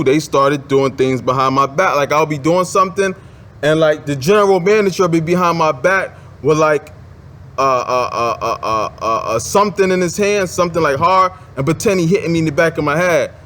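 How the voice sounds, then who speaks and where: A man's voice: fairly high pitch, moderate pace, a bit bright. A man telling a personal story in a casual, rambling monologue, with many fillers and restarts. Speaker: advice vlogger.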